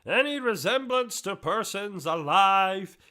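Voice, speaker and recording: A man's voice: sits high, animated, slow, bright, forceful tone, full character voice. A man voicing a meek, dim-witted male manservant who talks in hesitant, puzzled bursts. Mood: timid.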